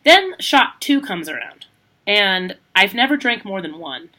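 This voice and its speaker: A woman co-hosting a podcast, telling a personal story in a chatty, animated way, laughing often and saying "like" a lot. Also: mid-range voice, a little slow. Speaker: podcast co-host. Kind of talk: casual storytelling chat.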